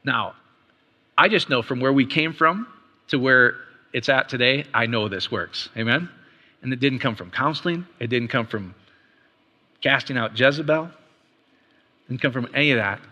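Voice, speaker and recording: A middle-aged man preaching a sermon as pastor, conversational, with quick asides and rhetorical questions. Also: medium pitch, lively intonation, pushed and bright. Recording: long reverb of a hall.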